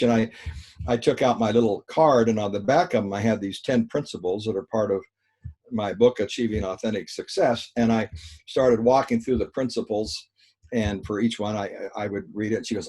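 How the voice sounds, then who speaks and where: An American man, a life coach being interviewed, telling an animated anecdote and acting out both sides of a conversation. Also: on the low side, normal speed, slightly rough. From United States. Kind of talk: storytelling in an interview.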